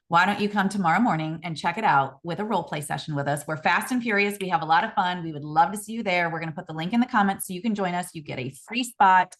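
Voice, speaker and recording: A woman hosting a casual sales coaching chat, lively and acting out quoted phrases. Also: mid-range voice.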